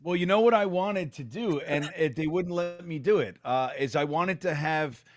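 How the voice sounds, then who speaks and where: A man's voice: fairly high pitch, normal speed. A man co-hosting a live stream, rambling and joking in loose banter with some swearing. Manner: rambling, swears, laughs often. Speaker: co-host. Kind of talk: casual banter.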